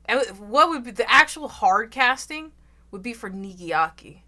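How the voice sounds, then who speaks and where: A young woman with an American Southern accent, chatting loudly and casually with her stream audience, rambling and swearing freely. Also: big pitch swings, moderate pace. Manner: loud, rambling, swears freely, bursts into shrill laughs. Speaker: VTuber streamer.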